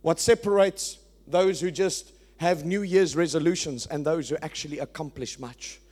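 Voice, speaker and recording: High-voiced preacher, emphatic. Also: male voice, normal speed. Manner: emphatic preaching, swings from loud to quiet. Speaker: pastor. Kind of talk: sermon.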